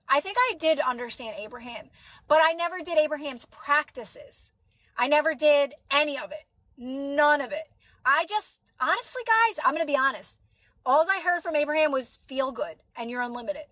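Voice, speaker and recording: On a livestream, a mother who coaches manifestation speaks with a Philadelphia accent in a high, bright, pushed voice. This adult woman comforts her audience and replies to commenters by name. The recording is dry.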